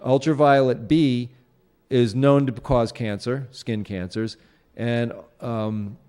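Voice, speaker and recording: A man's voice: mid-range voice, steady tone, takes it slowly, a little mellow, smooth. A man hosting his own show, talking through a casual solo commentary in a rambling way, with many fillers and restarts. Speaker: show host.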